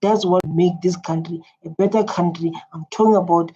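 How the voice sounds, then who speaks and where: A South African woman giving excited, repetitive commentary as a reaction video host, halting with fillers. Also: on the low side, breathy edge. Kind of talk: casual commentary. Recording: dull lo-fi sound with faint ambience.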